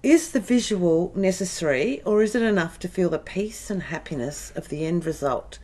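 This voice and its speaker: Woman reading out listener questions, lively up-and-down pitch, co-host. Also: moderate pace. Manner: reads aloud, brief agreeing replies.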